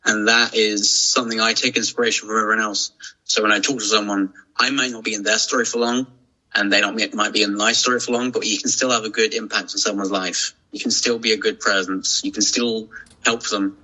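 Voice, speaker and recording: A man's voice: lowish voice, level tone, brisk, sharp tone, low-quality recording. A man, a podcast guest talking casually and reflectively, with many restarts and fillers. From England. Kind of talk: casual chat.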